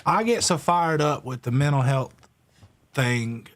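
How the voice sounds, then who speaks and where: A man's voice: medium pitch, expressive, measured pace. A man hosting a call-in talk show, ranting in a fired-up way with casual profanity. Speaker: host.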